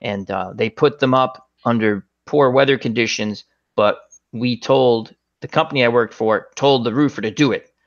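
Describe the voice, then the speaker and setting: A middle-aged man hosts a relaxed chat and jokes his way through anecdotes, doing quick voices for the people in his stories. His voice sits in an ordinary middle pitch. The recording sounds a little dull and lo-fi. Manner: joking storyteller, acts out voices in anecdotes. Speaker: host. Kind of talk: casual chat.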